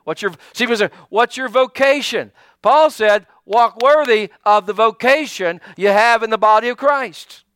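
A man pastor preaching a sermon, animated, calling out to his congregation and acting out little asides. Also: very high-pitched, a little slow, clear, resonant tone, no echo.

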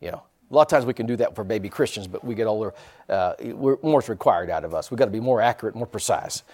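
Lively, animated male preacher. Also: fairly low pitch, quick pace. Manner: animated preaching with call-and-response and repeated phrases; folksy, joking asides. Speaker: pastor. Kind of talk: sermon.

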